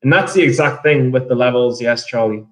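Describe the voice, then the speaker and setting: Speaking fairly quickly in a medium pitch, a man streams his trading live while drinking whiskey. His casual chatter wanders, full of curses and jokes, with a roomy echo around it.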